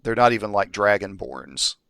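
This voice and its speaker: A man runs a tabletop game as dungeon master, explaining creatures and describing scenes with quick restarts. His voice is bright and forward. The sound is dry and close with no room echo. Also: on the low side, animated, vocal fry.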